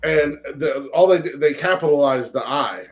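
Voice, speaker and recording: A man's voice: on the high side, normal speed. A man co-hosting a podcast, joking around in crude, casual banter. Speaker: podcast co-host. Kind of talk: casual chat.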